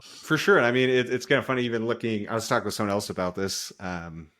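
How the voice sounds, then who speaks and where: A man hosting a casual podcast interview, relaxed and loose, often saying "kinda" and "like". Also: lowish voice, quick pace. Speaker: podcast host.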